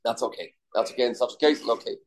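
A man's voice: medium pitch, fast talker, low-quality recording. A man teaching a daily Talmud class, explaining loosely with restarts and of terms.

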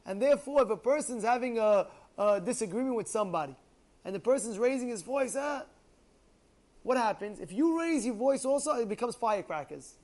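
A man teaching a Torah class, reading lines and explaining them in animated swings between loud and soft. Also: very high-pitched, brisk.

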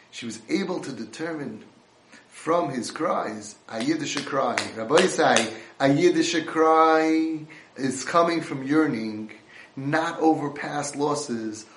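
A man's voice: medium pitch, echoey room, slight background noise. A man giving an impassioned Torah lecture, mixing in Hebrew and Yiddish terms.

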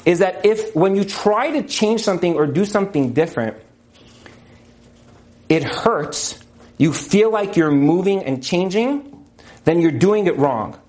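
High-voiced emphatic male teacher. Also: animated, a little slow, a little mellow. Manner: emphatic, repeats key points, acts out quotes. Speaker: religious teacher and counselor. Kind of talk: motivational religious talk.

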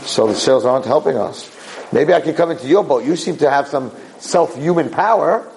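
A man's voice: a little high, animated, brisk, gravelly, a little mellow, slight background noise, voice pushed up, rough recording. A man voicing a stranded older brother who pleads and explains his trouble. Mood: pleading.

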